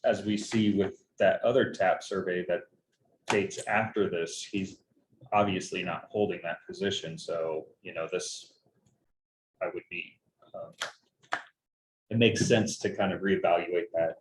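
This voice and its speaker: Low-voiced hesitant man at a meeting. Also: fairly even intonation, unhurried, pauses often, a little hiss or hum, rough recording. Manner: hesitant, hedging, many fillers and restarts. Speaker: board member leading a public meeting. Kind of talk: formal meeting discussion.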